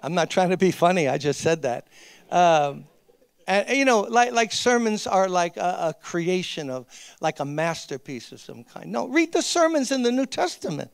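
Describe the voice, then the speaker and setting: High, clear-voiced earnest male preacher. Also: big pitch swings, moderate pace, no room sound. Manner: earnest and conversational, with emphatic repeated appeals. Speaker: pastor. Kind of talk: sermon. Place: church, speaking to a gathering of ministers.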